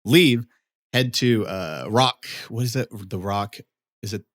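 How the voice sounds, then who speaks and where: Young male guest, storyteller, acts out the quotes with jumps up, lowish voice. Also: slow pace, a bit bright. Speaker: podcast guest, producer. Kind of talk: casual storytelling chat.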